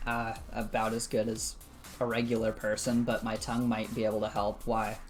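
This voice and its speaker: A man voicing a low-key, agreeable teenage superhero student during a tabletop game. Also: completely flat delivery, moderate pace, faint music behind, close to an everyday voice. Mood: mild. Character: teen boy superhero student with a long tongue.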